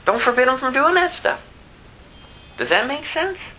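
A woman preaching a sermon with emphatic rhetorical questions and wide swings in pitch. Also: big pitch swings, normal speed, long pauses, pushed and bright, poor audio.

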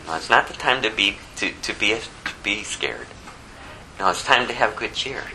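Male pastor, lowish pitch, very bright tone, chatty sermon style, faint ambience behind. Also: lively intonation, normal speed, a little hiss or hum, rough recording. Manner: conversational preaching, many restarts, rhetorical questions.

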